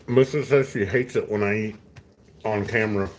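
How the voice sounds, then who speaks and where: A man's voice: lowish voice, a little fast, slight background noise. A middle-aged man with a West Texas accent, chatting casually with viewers over dinner in a laid-back, drawling way. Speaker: host. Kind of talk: casual chat while eating dinner.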